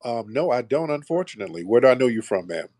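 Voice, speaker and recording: A man hosts a combative call-in show, taking callers with a blunt, mocking attitude and often repeating himself. His mid-range voice is very animated, a little mellow, and quick, with no room sound.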